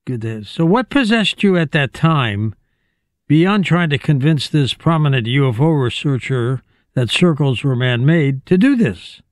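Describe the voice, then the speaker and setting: A man's voice: a little high, expressive, unhurried, no echo, studio quality. A man hosting an interview, asking his guests direct questions. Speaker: host.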